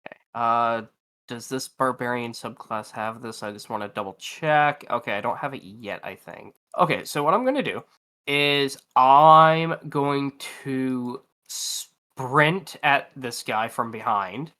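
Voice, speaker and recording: Hesitant player full of fillers, with a bright tone. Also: medium pitch, lively intonation, moderate pace. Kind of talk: tabletop game play.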